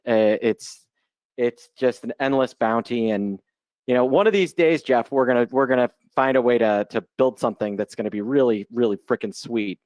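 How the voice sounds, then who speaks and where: A man's voice: medium pitch, moderate pace, a little mellow, dry recording. A man in his forties from Chicago speaks in an ordinary mid-range voice, loose and chatty as he leads a live trading webinar. He slips in jokes at his own expense. The sound is dry and close, from a computer mic on a video call. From Chicago, United States. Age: 40s. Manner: chatty and joking, loose unscripted delivery. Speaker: guest presenter, options trader.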